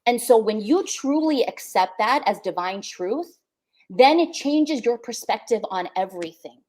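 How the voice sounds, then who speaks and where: A woman's voice: on the high side, expressive, a little slow, darkish tone. A young woman co-hosting a spiritual podcast, talking earnestly and emotionally, often repeating words for emphasis. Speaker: podcast co-host. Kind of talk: heartfelt spiritual podcast chat.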